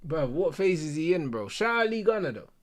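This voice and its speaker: Hosting a football watch-along, this young man talks a little fast in a fairly high, very animated voice. His rant is heated and slang-heavy, full of swearing, and aimed at his viewers and mates.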